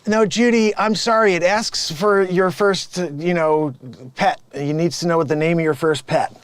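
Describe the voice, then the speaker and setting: A man's voice: high voice, steady tone, normal speed, clear, resonant tone, no room sound, close to an everyday voice. A man improvising a sleazy, smug phone scammer boss who mocks his coworkers and cons callers. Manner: smug, mocking, laughing at his own lines. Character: sleazy male phone scammer boss posing as tech rebate agent. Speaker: improv comedian. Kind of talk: improvised comedy sketch.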